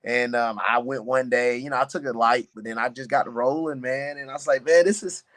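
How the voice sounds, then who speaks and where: A young man, a fighter, chatting on a podcast and telling stories in a loose, animated way, full of "man" and "you know.". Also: mid-range voice, a little fast. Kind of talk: casual podcast chat.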